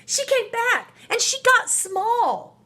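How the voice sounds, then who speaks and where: A woman voicing a stubborn, upset little boy in a storybook, loud and pleading. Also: extremely high pitch, sing-song, takes it slowly, voice pushed up, full character voice. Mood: insistent.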